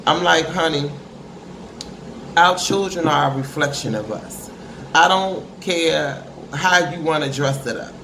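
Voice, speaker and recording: A woman's voice: deep voice, fairly bright tone. A middle-aged woman speaks to camera in a candid, emphatic, preachy way, often calling her listeners honey. Her voice rings in a reverberant room. A faint hiss sits under the recording. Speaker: parent giving advice. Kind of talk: candid motivational talk to camera. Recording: echoey room with faint noise.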